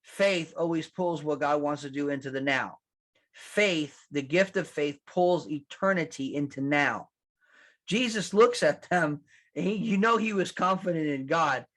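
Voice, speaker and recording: A man preaching a sermon as pastor, conversational and animated, acting out quotes and restarting his sentences. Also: on the high side, unhurried. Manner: animated, acts out quotes, laughs at his own lines.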